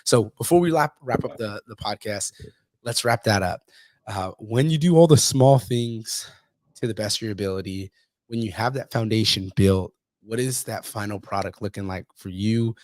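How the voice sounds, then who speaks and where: A man's lowish, somewhat dark voice moves at a normal speed in a clean, echo-free studio recording. As podcast host, he's a profane, laughing storyteller in casual chat.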